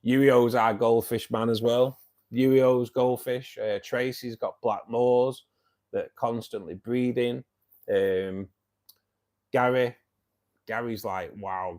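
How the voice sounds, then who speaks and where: The host of a fishkeeping club livestream, a Mancunian man in his fifties from Manchester, England, talks casually with viewers and calls them "mate" over and over. His voice has a fairly low pitch and a darkish tone.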